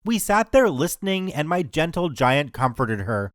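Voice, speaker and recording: A man's voice: a little high, sing-song, moderate pace, dry recording, clean studio sound. A man reading a story aloud as a scripted narration.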